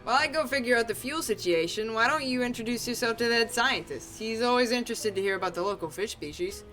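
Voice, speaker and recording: A woman voicing a gruff, practical rig foreman with a put-on New York accent as she reads a game's dialogue aloud. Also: fairly high pitch, lively intonation, quick pace, fairly bright tone, soft background music, pitched above the performer's own voice. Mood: matter-of-fact.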